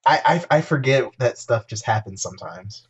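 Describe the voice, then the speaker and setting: A man's voice: mid-range voice, expressive, normal speed, slightly rough, muffled recording. A man co-hosting a podcast, chatting casually and telling rambling stories with lots of restarts. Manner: rambling storyteller with many restarts. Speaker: podcast co-host. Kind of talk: casual chat.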